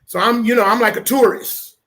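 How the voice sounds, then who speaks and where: Animated storytelling man, pastor as guest. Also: extremely high pitch, fairly quick. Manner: animated storyteller, repeats "okay?" for emphasis; switches into lively voices when quoting people. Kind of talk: conversational storytelling.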